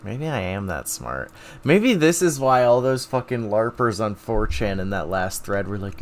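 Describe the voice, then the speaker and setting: Slow-talking man streaming casually. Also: on the low side, big pitch swings. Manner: self-mocking, thinking aloud while taking online quizzes. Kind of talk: casual live-stream chat.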